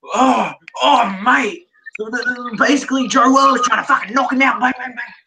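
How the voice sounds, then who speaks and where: A man's voice: normal speed, creaky, a little hiss or hum, full character voice. A man mimicking a brash over-the-top Aussie reviewer. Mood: hyped. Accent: broad exaggerated Australian. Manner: over-the-top, excitable, high-pitched.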